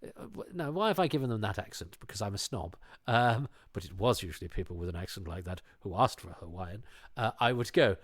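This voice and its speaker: In a dry, studio-quality recording, a man with a low, husky voice speaks briskly as a podcast guest. His casual chat rambles, and he keeps interrupting himself and starting his sentences over.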